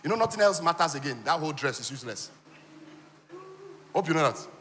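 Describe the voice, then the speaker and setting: A man giving a lively motivational talk at a business conference, now and then acting out other people's voices. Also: fast. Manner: animated, acts out high voices for women. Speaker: conference speaker. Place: large conference hall. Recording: reverberant hall.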